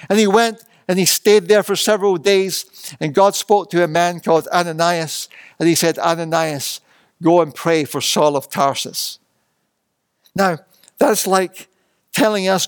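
A man's voice: sits high, dry recording. A man preaching a sermon with earnest, emphatic repetition.

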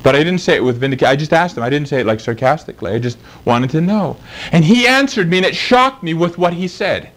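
A man's voice: fairly high pitch, lively intonation, fast talker, fairly bright tone, low-quality recording. A man preaching a sermon, emphatic and fond of rhetorical questions.

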